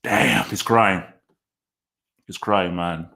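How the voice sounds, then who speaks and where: A man's voice: low voice, fairly even intonation, very slow, creaky, pushed and bright. A man hosting a football channel, giving live reaction commentary in a casual way, repeating short phrases and restarting his sentences. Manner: thinks aloud and restarts sentences.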